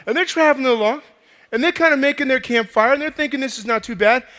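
Bright, high-voiced animated preacher. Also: male voice, quick pace. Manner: animated, playful storyteller. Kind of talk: sermon. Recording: long echoey hall reverb.

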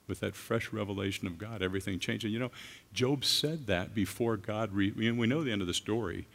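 A man preaching a sermon as a guest speaker, earnest and halting, with frequent restarts. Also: lowish voice, vocal fry. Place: church. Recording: long reverb of a large hall.

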